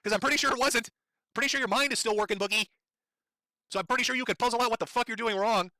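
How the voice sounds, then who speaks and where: A man ranting on a live stream, angry, profane and sarcastic, his throat strained from yelling. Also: very high voice, fast, no echo.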